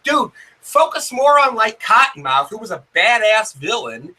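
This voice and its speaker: A man's voice: high voice, big pitch swings, measured pace, bright, forceful tone, low-quality recording. A man as a guest in a casual discussion, talking hesitantly with restarts and fillers.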